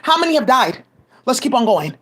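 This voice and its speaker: A woman's voice: high voice, very animated, brisk, slightly rough. A woman giving rambling, profane commentary full of restarts, agitated asides and fillers, speaking into a home mic. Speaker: commentary vlogger.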